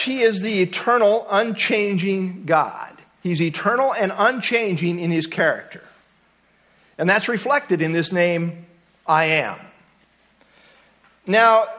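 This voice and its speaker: Pastor guy giving a bible study sermon, pretty high voice, earnest, leans into key words. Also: fairly bright tone. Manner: earnest teaching with rising emphasis and fillers.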